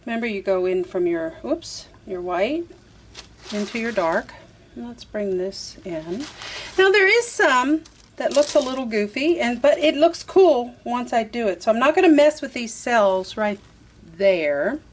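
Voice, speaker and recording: A woman chats her way through a casual step-by-step craft tutorial, talking to herself as she works and saying "y'all." Her voice is on the high side and expressive, her pace measured, with slight background noise.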